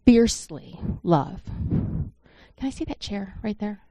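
A woman's voice: medium pitch, expressive, slow pace, warm tone. A woman giving an informal sermon, talking in an earnest, conversational way and telling a story to the congregation. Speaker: church speaker.

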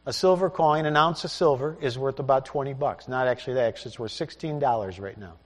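A man's voice: mid-range voice, a little fast. A man preaching a sermon, reading scripture aloud and explaining it in a conversational way. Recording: long hall reverb.

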